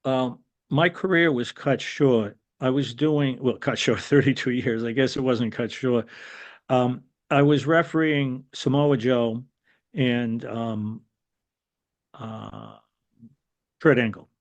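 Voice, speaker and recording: An older man from New York telling stories casually as a podcast guest, with lots of fillers and restarts. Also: medium pitch. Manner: rambling, many fillers and restarts, animated quotes. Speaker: guest, former wrestling referee. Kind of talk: casual storytelling.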